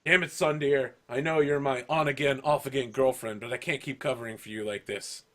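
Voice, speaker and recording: A man's voice: medium pitch, steady tone, fairly quick, a bit bright, natural voice. A man voicing a male flight wing leader scolding his on-again, off-again girlfriend. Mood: frustrated. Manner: scolding, frustrated.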